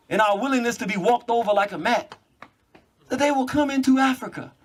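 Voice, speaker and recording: A man giving an animated monologue, quick in bursts and laughing as he talks. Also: sits high, husky.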